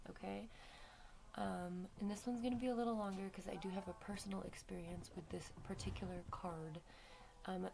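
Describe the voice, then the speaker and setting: Deep gravelly-voiced woman, calm reading. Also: background noise. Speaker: spiritual card-reading host. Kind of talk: casual talk and reading aloud from a card deck.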